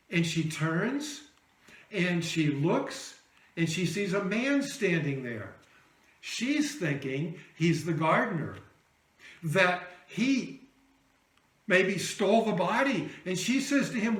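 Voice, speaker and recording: A man preaching an Easter sermon in a high voice at an unhurried, measured pace. He tells the story dramatically and sinks to a hushed tone for quoted words. The sound echoes around a large room. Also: animated. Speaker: pastor.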